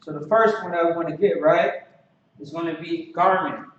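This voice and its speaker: A man teaching a language class in a relaxed, halting way, with many fillers and restarts. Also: a little high. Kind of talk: casual classroom instruction. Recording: echoey, distant, dull lo-fi recording with some noise.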